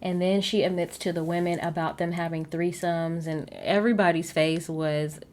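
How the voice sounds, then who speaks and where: A young woman, recapping a reality show in a loose, chatty way. Her voice sits a little low, and she drops sassy asides and small laughs. It sounds like a casual commentary video. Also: fairly even intonation, normal speed, a little mellow. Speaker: recap host.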